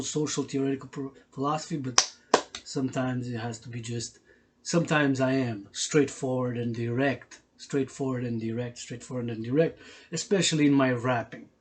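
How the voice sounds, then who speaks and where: A man with a medium-pitched, slightly mellow voice, this workout video host gives an emotional, meandering vlog monologue. He repeats himself, swears freely and talks in loose street slang.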